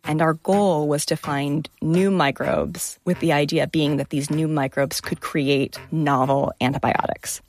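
A woman's voice: deep voice, fairly even intonation, unhurried, hardly any pauses, a little mellow. A woman microbiologist telling vivid, enthusiastic stories about her research. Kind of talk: storytelling talk, stage and interview.

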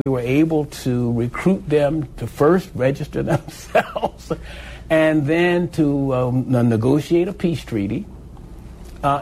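Older guy from philly telling old stories, kinda halting, faint hum behind him. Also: medium pitch, vocal fry, a little mellow. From Philadelphia. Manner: storytelling, hesitant restarts, laughs easily. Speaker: interviewee, former activist. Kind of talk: oral history interview, recalling.

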